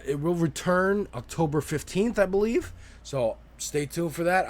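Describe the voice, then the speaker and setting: A man's voice: fairly high pitch, vocal fry. A man giving a loose, profane spoken review of a TV episode, laughing often. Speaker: TV show reviewer.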